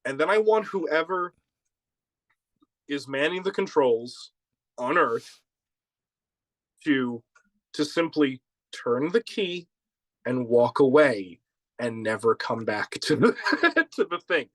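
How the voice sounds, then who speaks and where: A man's voice: mid-range voice, animated, slow pace, long pauses, fairly bright tone, no echo, rough recording. A man hosting a casual chat, rambling and laughing, often restarting his sentences. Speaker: host.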